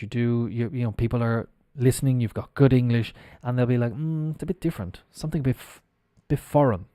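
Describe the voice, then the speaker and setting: A middle-aged Irish man leads a live English pronunciation class. His voice is mellow and sits at a middle pitch, heard close and dry with no room around it. He explains patiently, drawing sounds out and spelling words letter by letter. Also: no room sound. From Ireland. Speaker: English teacher. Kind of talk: live-stream pronunciation lesson.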